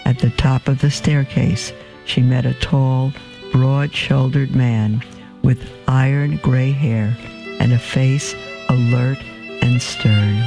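A male radio host reading a story aloud in a measured, expressive way. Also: mid-range voice, gravelly, music in the background.

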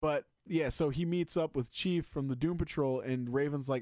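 A man chatting casually as a podcast host, excitedly rambling with lots of filler words. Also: medium pitch, normal speed, dry recording, clean studio sound. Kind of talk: casual chat.

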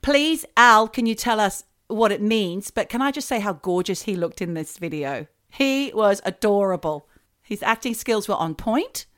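A woman's voice: mid-range voice, expressive, moderate pace, fairly bright tone. A woman co-hosting a chatty podcast, teasing and steering the talk. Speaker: podcast co-host. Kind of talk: casual chat.

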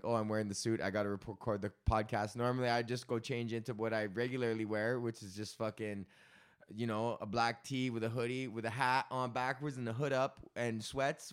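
A man's voice: mid-range voice, smooth. A young man hosting his comedy podcast, ranting in a loose, rambling, profane way. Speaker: podcast host. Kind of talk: casual comedic rant.

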